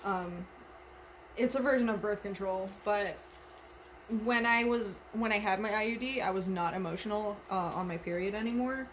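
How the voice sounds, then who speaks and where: A woman's voice: medium pitch, normal speed, a little hiss or hum. Giggly, rambling woman streamer. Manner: rambling, giggly and openly emotional. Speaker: live streamer. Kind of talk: candid casual livestream chat.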